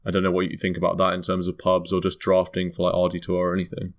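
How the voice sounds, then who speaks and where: A man's voice: low-pitched, completely flat delivery, racing. A British man hosting a casual podcast chat, rambling and correcting himself as he goes. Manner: rambling, self-correcting, laughs often. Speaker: podcast host.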